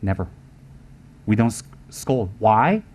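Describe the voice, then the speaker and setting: A man's voice: fairly low pitch, very animated, slow pace, a little mellow. A man giving a Buddhist teaching in an emphatic manner, repeating his points and asking rhetorical questions. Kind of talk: Dharma teaching.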